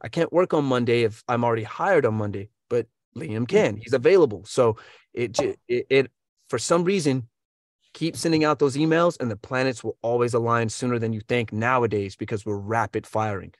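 Energetic coach from the US, mid-pitched man, dry close recording, tosses in playful sound effects. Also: moderate pace, no echo. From United States. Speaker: voiceover coach. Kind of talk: casual advice.

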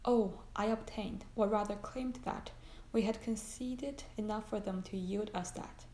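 A woman's voice: mid-range voice, steady tone, a little slow, darkish tone, echoey room, a little hiss or hum, close to an everyday voice. A woman voicing an earnest, anxious young soldier, reading his lines in a pleading way.

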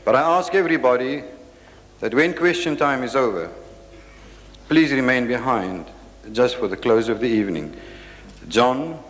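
A man's voice: mid-range voice, animated, normal speed, pauses often, fairly bright tone. A man chairing a question session, firm and insistent, cutting speakers off. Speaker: lecture chairman. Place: lecture hall. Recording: echoey hall.

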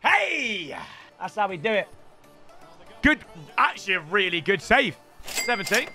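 Excitable young British man streaming gameplay. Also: sits high, moderate pace, music in the background. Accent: British English. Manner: excitable, shouty, banters with chat. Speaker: gaming streamer. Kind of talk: live gameplay commentary.

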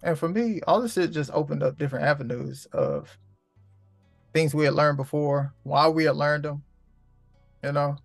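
A man's voice: on the high side, moderate pace, vocal fry, long pauses, dry recording, soft background music. A man hosting his own show in a casual, profane monologue full of street slang, preaching and repeating lines for emphasis. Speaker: host.

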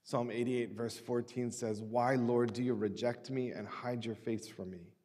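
A man preaching a sermon as pastor, with a measured delivery that reads scripture aloud deliberately. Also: mid-range voice, fairly even intonation, dark tone. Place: church sanctuary. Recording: long church-hall reverb.

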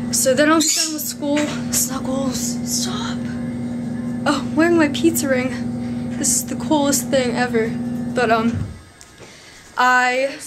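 A teenage girl in her bedroom, chatting to her camera in a rambling, excitable vlog while out of breath. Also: high-pitched. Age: teens. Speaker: vlogger. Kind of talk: casual vlog chat.

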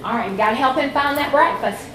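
A woman reading a picture book to children at a library, lively and coaxing as she leads chants. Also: high voice, fast talker. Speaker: children's storytime reader. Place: library room. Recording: echoey library room, mic far off, children around.

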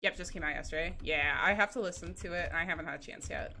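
A woman's voice: lowish voice, fast talker, pushed and bright, a little hiss or hum. A woman streaming a game, chatting casually and bubbly with her chat, laughing often.

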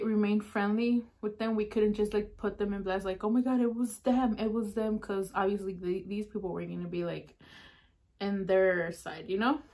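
Female mukbang host, casual storyteller, filler-heavy and chatty, hushes for suspense, mid-range voice. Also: medium pitch. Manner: drops to a hushed tone at eerie moments. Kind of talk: casual storytelling while eating.

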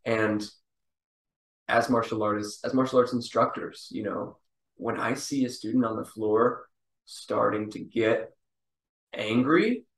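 A man hosting a podcast interview, a martial arts instructor, polite and steady, calling his guest ma'am. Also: lowish voice, a little slow, pauses often. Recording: roomy, distant from the mic.

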